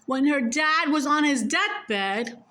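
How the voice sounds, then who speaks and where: A woman's voice: sits high, animated, takes it slowly, very noisy. A woman telling a personal story in a casual, rambling way, correcting herself often and swearing freely.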